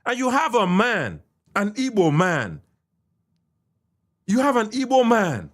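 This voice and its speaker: Angry Nigerian man, lively high voice. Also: slow. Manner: angry, repetitive, swinging from shouts to muttered asides, mixes in pidgin. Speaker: podcast host. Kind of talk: heated commentary.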